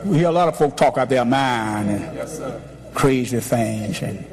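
A man's voice: mid-range voice, unhurried, a little mellow. A man, a pastor preaching a sermon with emphatic, repetitive declarations.

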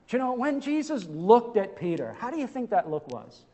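A man's voice: high-pitched, big pitch swings, normal speed, warm tone, in a large hall. A male pastor preaching a sermon, impassioned, with rhetorical questions and repeated phrases.

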